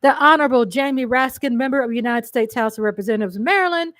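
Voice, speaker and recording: A woman from Texas with a Texan accent, hosting a casual livestream, reading out a list of names in a chatty, excitable way and correcting her own stumbles. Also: on the high side, a little fast, no room sound. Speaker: livestream host.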